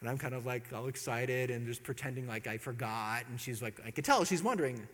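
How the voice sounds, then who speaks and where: Animated man telling a story in a hall. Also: medium pitch, fairly quick. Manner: self-mocking, animated, laughs at his own jokes. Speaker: speaker at a marriage talk. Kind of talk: storytelling talk to an audience.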